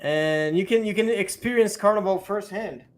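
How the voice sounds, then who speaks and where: A young man with a Brazilian accent, a podcast co-host, chatting casually with profane, excitable outbursts and stumbling repetitions. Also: high-pitched, moderate pace, faint music behind. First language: Portuguese.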